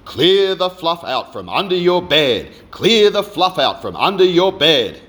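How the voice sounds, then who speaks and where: A man's voice: on the high side, wildly swooping pitch, a bit bright, pitched above the performer's own voice, heavily acted. A man doing a smug, puffed-up big brother. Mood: taunting. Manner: quick, mocking repetition.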